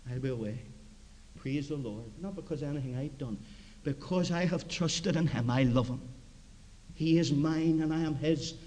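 A man preaching a revival mission sermon, swinging between hushed low asides and loud, impassioned shouting. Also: in a large hall, poor audio.

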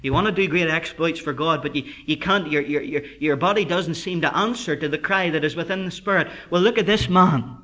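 Male preacher, high voice, bright and forceful tone, emphatic sermon delivery, stretches out scripture quotes. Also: fairly quick, few pauses. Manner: emphatic, builds to fervent climaxes; drops to a quiet conversational aside.

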